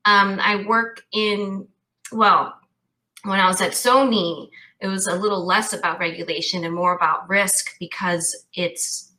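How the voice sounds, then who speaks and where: Bright-voiced woman, risk expert guest. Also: medium pitch, fairly even intonation, a little slow, rough recording. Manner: thoughtful, many restarts. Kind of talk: casual interview talk.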